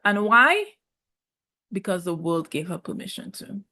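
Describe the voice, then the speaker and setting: A woman's voice: mid-range voice, sing-song, bright, forceful tone. A young woman giving sassy, emphatic commentary on a reality show, repeating words for effect. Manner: sassy, emphatic, drawn-out repetitions. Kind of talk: casual opinionated commentary.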